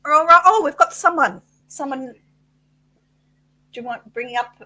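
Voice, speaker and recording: A woman with an Australian accent co-hosts a relaxed live chat. She sounds chatty and encouraging, and her voice is fairly high. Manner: chatty, encouraging, quick to laugh. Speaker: co-host. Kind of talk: casual live-stream chat.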